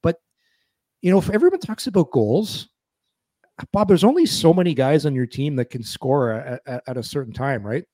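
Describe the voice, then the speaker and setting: A man's voice: mid-range voice, big pitch swings, moderate pace, warm tone, no echo, clean studio sound. A man in his fifties co-hosting a casual sports chat, rambling and restarting his sentences often. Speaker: podcast co-host.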